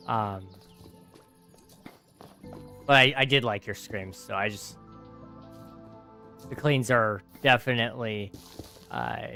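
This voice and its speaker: A young man gaming on a livestream has a fairly low, gravelly voice with a sharp edge. Tired and yawning, he chats casually and rambles, reading his viewers' chat aloud and responding in an easygoing way.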